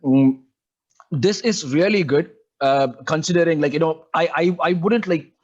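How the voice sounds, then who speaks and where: A man's voice: on the high side, normal speed. Rambling man on a lo-fi podcast. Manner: rambling, sprinkles fillers like "like, you know". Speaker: podcast co-host. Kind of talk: casual fan podcast chat.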